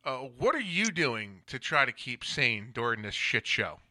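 Man, talk show host, bright ringing voice, blunt rants, swears freely. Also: medium pitch, big pitch swings, measured pace. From Philadelphia area. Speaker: podcast host. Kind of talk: casual talk show chat.

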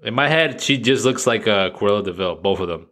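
Brief: male podcast host, crude and profane comic monologue, lower pitch, forceful. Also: lively intonation, fairly quick. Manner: crude, profane, laughing at own jokes. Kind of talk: casual comedic monologue.

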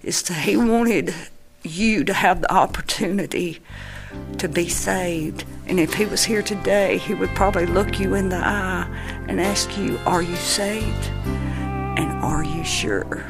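Slow, gravelly-voiced woman giving testimony. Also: fairly low pitch, steady tone, over music. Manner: earnest, slow and halting with pauses. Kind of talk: personal church testimony.

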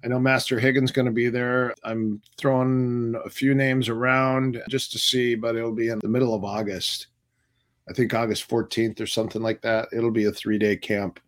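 A man's voice: mid-range voice, normal speed. A middle-aged man, a martial arts instructor, casually telling stories in an interview and acting out the dialogue. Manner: animated storyteller acting out quoted dialogue.

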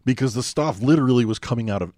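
A man's voice: mid-range voice, very fast, darkish tone, dry recording, clean studio sound. A man co-hosting a casual movie podcast, steering the talk and bringing up points from his notes. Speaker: podcast co-host. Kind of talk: casual movie-review chat.

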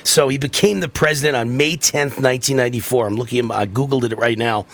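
A man's voice: medium pitch, fairly even intonation, fast talker. A man hosting political talk radio, fervent and indignant, hammering his points with repeated phrases. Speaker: radio talk show host.

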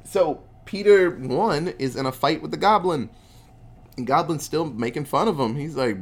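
Brief: podcast co-host, excitable and profane, very animated pitch. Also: moderate pace. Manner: excitable, profane, laughing often. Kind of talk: casual movie recap.

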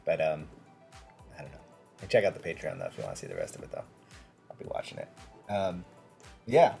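A man's voice: rumbling low, huge pitch swings, brisk, vocal fry, a little mellow, faint music behind. A man co-hosting an anime podcast in casual chat, laid-back and agreeable, saying "yeah" and "dude" a lot. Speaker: podcast co-host.

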